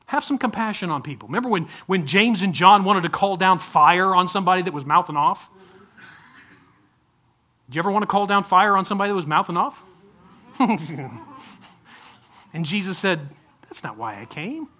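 A man's voice: sits high, sharp tone. A male pastor preaching a conversational sermon, often asking the congregation direct questions.

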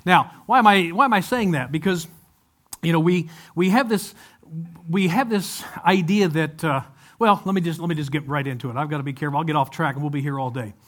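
A man's voice: fairly high pitch, a little fast, fairly bright tone. A man preaching a sermon in a conversational way, often turning to the congregation with rhetorical questions. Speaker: pastor.

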